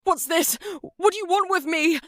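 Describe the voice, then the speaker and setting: A woman's voice: on the low side, animated, normal speed, creaky, husky, dry recording, clean studio sound, heavily acted. A woman voicing a desperate, anxious young man with strained, frantic cries in an audiobook. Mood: terrified.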